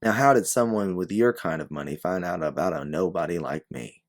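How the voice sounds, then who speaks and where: A man's voice: deep voice, fairly quick. A man voicing a guarded woman private investigator who talks in a wry, blunt, businesslike way.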